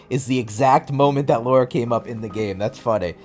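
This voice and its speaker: A man's voice: mid-range voice, fairly quick, few pauses, darkish tone. A man streaming a visual novel, chatting and joking in a rambling way between lines. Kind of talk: live game commentary, reading a visual novel. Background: game music.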